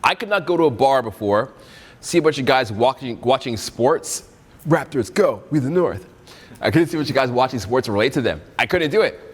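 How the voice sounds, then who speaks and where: A young man giving a live seminar on dating and self-improvement to an audience, animated and direct, acting out quotes in funny voices. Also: medium pitch, fast, breathy edge. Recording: hall reverb from a seminar room.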